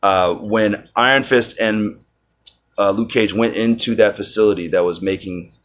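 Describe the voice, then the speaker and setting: A man with a low voice talks in an unhurried, rambling way. He stumbles over his words, repeats himself and fills the gaps with "uh" while reviewing casually. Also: a bit bright. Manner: rambling, many restarts and fillers. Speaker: video reviewer.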